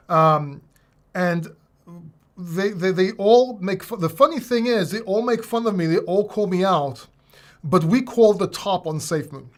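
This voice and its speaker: A man hosting a casual crypto livestream, rambling and joking at his own expense. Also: high voice. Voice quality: self-mocking, rambling, many restarts. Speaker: crypto channel host.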